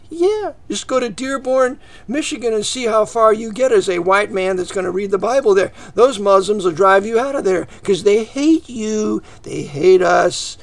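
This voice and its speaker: A man preaching a fiery, ranting monologue to his listeners, often breaking into shouts and dropping to low, quiet asides.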